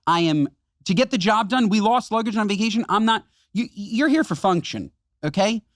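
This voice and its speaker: A man's voice: sits high, animated, moderate pace, no room sound, clean studio sound. A man co-hosting a podcast, riffing emphatically and exaggerating for comic effect. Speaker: podcast co-host. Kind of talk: casual chat.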